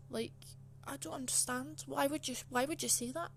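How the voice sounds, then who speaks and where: Higher-voiced indignant young woman. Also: fairly even intonation, normal speed, fairly bright tone, a little hiss or hum. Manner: chatty and indignant, full of "like" fillers. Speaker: channel host. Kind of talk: casual storytime.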